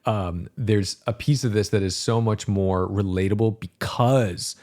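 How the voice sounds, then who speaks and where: A man with a fairly low voice talks casually on a podcast, animated and emphatic. He repeats words for punch and swears freely. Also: unhurried. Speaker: podcast host. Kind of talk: casual chat.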